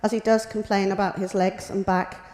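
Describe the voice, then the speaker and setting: A woman's voice: mid-range voice, little pitch movement, normal speed, darkish tone. A middle-aged woman giving a prepared personal talk as a carer, in a plain, matter-of-fact way. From United Kingdom. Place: hospital lecture room. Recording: reverberant hall.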